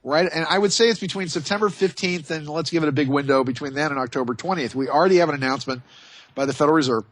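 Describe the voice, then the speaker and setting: A man hosts a radio talk show in a loose, joking, rambling way. His voice sits a little high, and the sound is dry and close. He talks casually and drifts from point to point. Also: racing, no echo.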